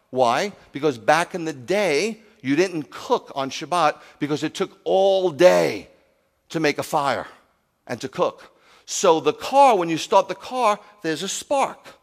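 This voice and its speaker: Guy preaching as rabbi, kinda high voice, gets loud then goes quiet, big echoey hall. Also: measured pace. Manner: animated, swinging from loud exclamations to quiet asides. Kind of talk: sermon.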